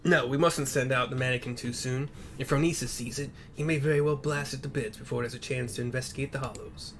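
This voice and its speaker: A man's voice: medium pitch, steady tone, quick pace, a bit bright, slight background noise, natural voice. A man voicing a genial middle-aged male adventurer and tinkerer for a game, with a hearty, folksy lilt. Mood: cautious.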